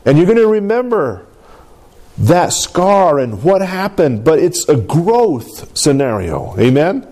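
A pastor preaches a sermon conversationally, repeatedly asking his congregation "Amen?" to check in with them. His voice is fairly high, sing-song, and darkish in tone, and he takes it slowly.

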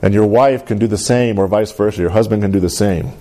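A middle-aged male pastor who preaches a sermon in a lively call-and-response way and drops into playful voices now and then. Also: on the low side, fairly quick.

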